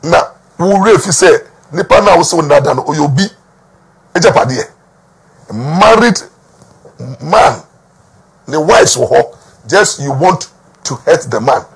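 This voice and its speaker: Ghanaian guy doing gossip commentary, gravelly, very husky voice, kinda high. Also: animated, unhurried, long pauses. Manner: emphatic, repeats words, switches between Twi and English. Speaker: entertainment news commentator. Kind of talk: talking-to-camera gossip commentary.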